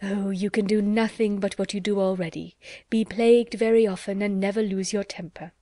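A woman's voice: mid-range voice, steady tone, normal speed, dark tone, no room sound, clean studio sound, natural voice. A woman voicing a witty, teasing young society woman who speaks archly and playfully in an audiobook. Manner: arch and playful.

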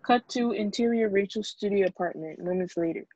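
A woman reading screenplay stage directions in a plain, even way over a video call. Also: mid-range voice, fairly quick, dull audio.

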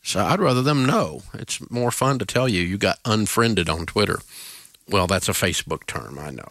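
A man's voice: fairly low pitch, expressive, normal speed, fairly bright tone, dry recording, clean studio sound. A man with a Southern US accent hosting a talk radio show, blunt and joking in casual banter.

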